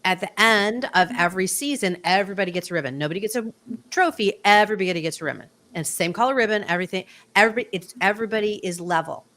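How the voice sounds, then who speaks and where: A woman in a casual conversation, telling a story in an animated, emphatic way. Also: medium pitch, quick pace.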